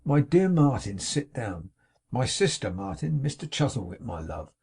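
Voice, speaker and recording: A man voicing an excitable, kindly young man in an audiobook, with eager, breathless exclamations in a raised voice. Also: medium pitch, moderate pace, vocal fry, husky, heavily acted. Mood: overjoyed.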